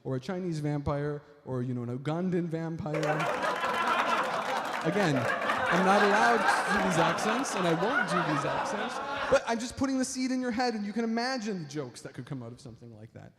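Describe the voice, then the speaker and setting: A high-pitched man with lively intonation talks briskly through a stand-up comedy set, filling it with fillers and addressing the audience as folks. The reverberant hall carries crowd sounds and noise from the live audience.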